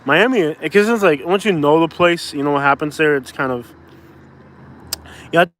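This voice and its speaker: On a street, a young man from Florida walks and vlogs into a phone on a handheld stabilizer, rambling casually. He speaks at a moderate pace in a fairly high, somewhat bright voice, full of "like"s and restarts.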